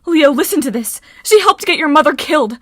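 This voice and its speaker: A woman's voice: high-pitched, expressive, fairly quick, dry recording, clean studio sound, voice pushed up. A woman voicing a desperate teenage girl who pleads emotionally with her friends.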